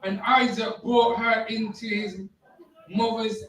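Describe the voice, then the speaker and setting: Distant slow man reading scripture. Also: high voice, flat delivery, a bit bright. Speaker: scripture reader. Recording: roomy, distant from mic.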